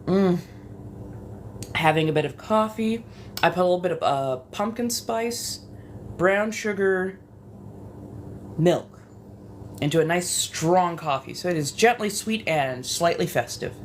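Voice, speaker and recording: A woman's voice: on the low side, animated, measured pace, pauses often, a little hiss or hum. A young woman with a West Coast accent chatting casually with live-stream viewers, rambling and swearing freely.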